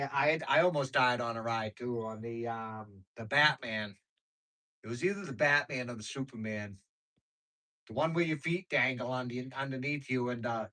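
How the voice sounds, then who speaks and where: A man with a mid-range voice that sounds pushed and bright hosts a livestream, talking loosely with viewers, spinning rambling stories in slang, and laughing often. It is a low-quality recording.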